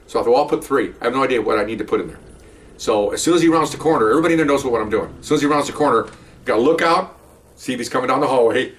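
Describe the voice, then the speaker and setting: In a medium-pitched voice, an older former cop spins quick, lively stories in a casual, anecdotal way. The mic sits some distance from him, and he frequently restarts his sentences and pauses to ask "okay?"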